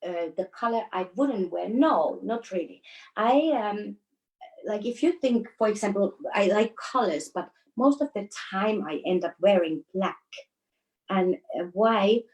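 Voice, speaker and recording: A Finnish woman, a dance teacher, answering questions in a casual interview, often pausing and searching for words. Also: mid-range voice, lively intonation, darkish tone. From Finland. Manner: hesitant, searching for words, laughs easily.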